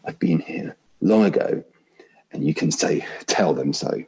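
A man's voice: rumbling low, lively intonation, unhurried, creaky, darkish tone, exaggerated voice. A man reading aloud and voicing a big, aggrieved male ghost who insists on his rights. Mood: resentful. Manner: indignant, complaining.

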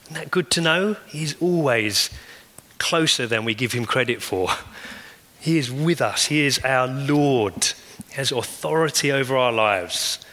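A pastor delivers an earnest sermon, stacking repeated phrases for emphasis. His voice is bright and forward at a middle pitch. It rings out with a long reverb, as in a large church hall. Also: animated, a little slow.

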